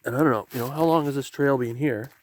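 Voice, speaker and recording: A man's voice: medium pitch, fast. A man talking casually to his camera as he walks a rainy forest trail down toward the ocean, rambling about what he sees. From Canada. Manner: rambling, talks to camera while hiking. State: walking downhill on a trail. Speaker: vlogger. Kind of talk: casual walking vlog. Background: faint outdoor noise, rain and waves.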